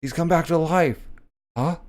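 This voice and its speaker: A man's voice: a little high, measured pace, a little mellow. A man casually reading a comic aloud, voicing sound effects and reacting with a lot of "like".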